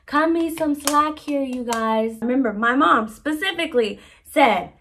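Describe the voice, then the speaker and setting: A woman's voice: sits high, unhurried, fairly bright tone, slight background noise. A woman vlogger telling a personal story in a slangy, laid-back, self-mocking way. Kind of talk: casual storytelling.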